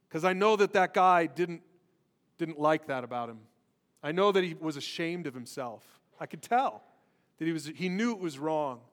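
A man in his forties preaching a sermon, telling stories with emphatic rises and soft, quiet asides. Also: fairly high pitch. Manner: animated storytelling, emphatic, drops to soft asides. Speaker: pastor.

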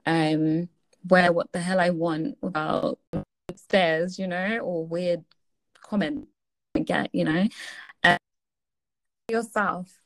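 A young woman co-hosting a casual podcast chat, animated and acting out quoted voices as she talks. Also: lowish voice, takes it slowly, long pauses. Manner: animated, acts out quoted voices, laughs often.

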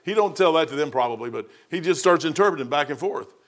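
A man's voice: on the high side, expressive, quick pace. A man preaching a sermon as pastor. He talks in a folksy, conversational way, repeats his phrases and often says "man".

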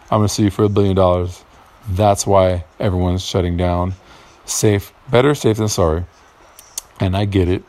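A man's voice: low-pitched, a little mellow. A man hosting a casual solo podcast from his garage, rambling and profane, getting heated at times. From Puerto Rican heritage. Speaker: podcast host. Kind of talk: casual monologue.

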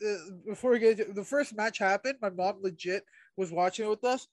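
A man's voice: high voice, fairly quick. A man co-hosting a wrestling podcast, talking laid-back with lots of fillers and swearing. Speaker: podcast co-host. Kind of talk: casual wrestling podcast chat.

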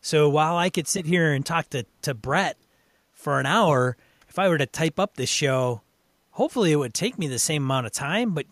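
A man co-hosting a podcast, talking casually about gaming in a thoughtful, halting way, often correcting himself. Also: on the high side, expressive, a bit bright, dry recording. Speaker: podcast co-host.

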